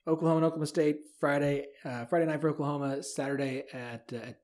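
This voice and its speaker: A man's voice: a little high, fairly even intonation, fast, a little mellow. Upbeat man hosting a sports podcast. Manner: enthusiastic, rambling with fillers. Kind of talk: casual sports talk.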